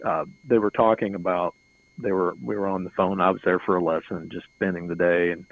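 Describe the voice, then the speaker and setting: A man's voice: deep voice, steady tone, fairly quick, low-quality recording. A middle-aged man telling a long anecdote in an interview, rambling and chuckling, often repeating words as he goes. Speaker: interview guest. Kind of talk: casual anecdotal storytelling.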